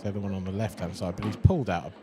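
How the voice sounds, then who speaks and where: A man provides expert commentary on a live pool match, walking through cue-ball control and shot choices. His voice sits somewhat low. The stream audio has a clear background hiss and occasional clicks. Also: steady tone, fast. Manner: analytical, explains shots and positional play.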